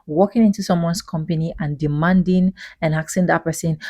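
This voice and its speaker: A woman's voice: deep voice, steady tone, brisk, few pauses, warm tone, no room sound, dull audio. A woman giving an opinionated commentary monologue, indignant and emphatic, full of rhetorical questions. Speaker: vlogger commentator.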